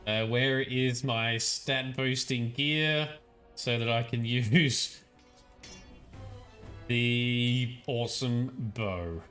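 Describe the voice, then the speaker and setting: A man's voice: medium pitch, very slow, long pauses, a bit bright, soft background music. A young man with an Australian accent, chatting and thinking aloud while streaming a game, often laughing. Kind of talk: live-stream gameplay commentary.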